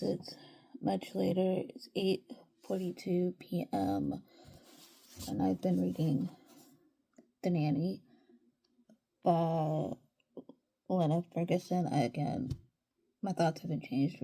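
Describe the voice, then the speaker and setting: A woman chats through a relaxed home vlog about her reading, wandering from thought to thought with plenty of fillers. Her voice sits fairly low and has a gravelly, husky grain. She speaks slowly and easily. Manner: easygoing, rambling with many fillers. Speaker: reading vlogger. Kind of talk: casual vlog update.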